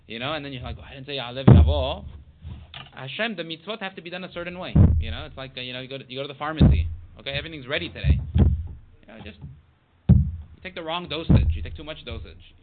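Man teaching Torah over a tinny line. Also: fairly high pitch. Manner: conversational, full of "you know" and Hebrew terms. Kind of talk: casual Torah class lecture. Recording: tinny phone-like line with faint noise.

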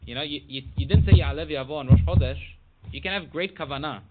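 A man's voice: fairly high pitch, fast talker, over loud music. A man giving a casual Torah class, talking conversationally with many asides and Hebrew terms. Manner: conversational, full of "you know" and Hebrew terms. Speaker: Torah teacher. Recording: tinny phone-like line with faint noise.

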